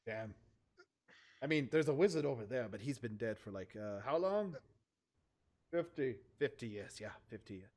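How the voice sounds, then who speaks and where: A man's voice: mid-range voice, animated, normal speed, long pauses, a little mellow. A man voicing a big, jolly male troll ghost uncle in a put-on Russian accent, boisterous and doting. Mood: jovial.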